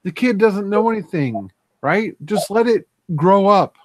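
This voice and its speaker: A man's voice: high-pitched, animated, unhurried, no room sound. A man chatting casually as a co-host, blunt and dismissive, with some swearing. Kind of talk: casual chat.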